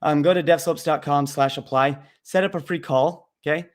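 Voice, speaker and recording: A man's voice: a little high, fairly even intonation, moderate pace. A young man hosting a casual live question-and-answer stream about coding, talking bluntly and jokingly with plenty of fillers.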